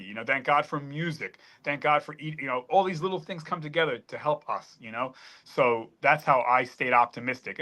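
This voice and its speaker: A man's voice: mid-range voice, bright, forceful tone. A middle-aged man telling a painful personal story on a panel, earnest and emphatic, choked up at times. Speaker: panel guest.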